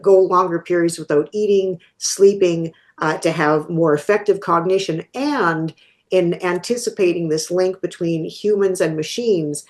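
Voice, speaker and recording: A woman academic answers a question from the audience, working through her thoughts with fillers and restarts. Her voice sits fairly low and she speaks in an unscripted, considered way. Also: a little slow, darkish tone. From Canada.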